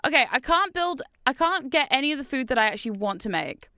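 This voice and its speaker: Young woman rambling over gameplay, high lively voice, swears casually, jokes at herself. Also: a little fast, few pauses, dry recording, clean studio sound. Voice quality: chatty, self-mocking, swears casually. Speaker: gaming streamer.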